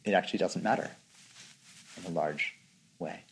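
A man teaching meditation in a relaxed, conversational way, with a low voice and a gravelly edge. He reflects aloud and slips into quoting his own inner voice. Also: moderate pace. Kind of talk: informal meditation talk.

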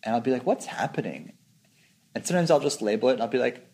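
A man's voice: medium pitch, very animated, fairly quick, vocal fry. A man giving an informal meditation talk as a teacher, speaking reflectively and often acting out his own inner voice.

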